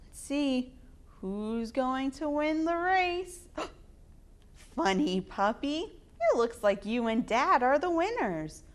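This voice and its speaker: A woman hosting storytime, reading picture books aloud to children in an expressive, sing-song way. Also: on the high side, slow. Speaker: storytime reader.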